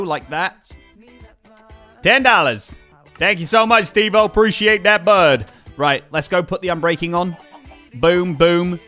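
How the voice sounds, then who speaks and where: Excitable young male streamer, high voice. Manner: excitable, chatty, thanks donors aloud. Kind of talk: casual live-stream chat while gaming.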